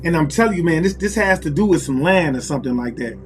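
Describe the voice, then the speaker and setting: A man with a high-pitched voice gives a casual tarot reading, musing aloud and repeating himself as he calls on spirit. Soft music plays faintly behind him. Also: animated, fast. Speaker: tarot reader.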